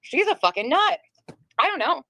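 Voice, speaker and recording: A woman's voice: extremely high pitch, sing-song, moderate pace, sharp tone, no room sound. Blunt, foul-mouthed woman streamer. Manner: blunt, profane, laughs often. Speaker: livestream host. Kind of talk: casual livestream rant.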